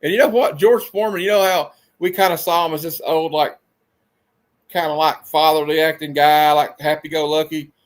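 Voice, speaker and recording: A man with a twang hosts a loose movie chat from a home stream setup. His voice sits a bit high for a man, and he talks with an animated, laughing energy. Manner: animated, quick to laugh, slips into silly impressions. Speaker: host of a movie discussion show.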